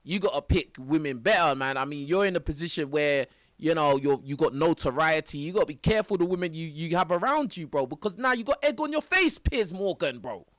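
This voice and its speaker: High, lively young streamer. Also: male voice, a little fast, no echo, studio quality. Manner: laughing, exclamatory, heavy slang. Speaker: live streamer reacting to clips. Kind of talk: excited reaction commentary.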